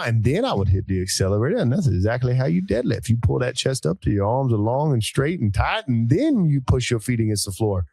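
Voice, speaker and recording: A man's voice: mid-range voice, a little fast, creaky, few pauses, breathy edge, dry recording. A man with a Southern US accent, co-hosting a podcast as the strength coach, telling folksy stories in casual banter. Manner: folksy, animated storyteller.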